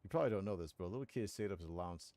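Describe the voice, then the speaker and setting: A man voicing a stoic, calm yakuza hero in a low, measured tone. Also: no room sound. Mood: steady.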